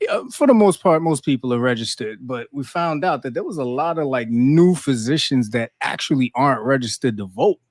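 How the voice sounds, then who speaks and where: A man co-hosting a podcast, talking in a relaxed, casual way with lots of fillers. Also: mid-range voice, a little fast, few pauses, no room sound, clean studio sound. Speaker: podcast co-host. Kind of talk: casual chat.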